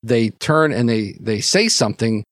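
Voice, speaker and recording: A man narrating a tabletop game as game master, at a middling pitch. He rambles with many fillers and restarts, and the sound is dry and close with no room. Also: animated, a little slow, no room sound.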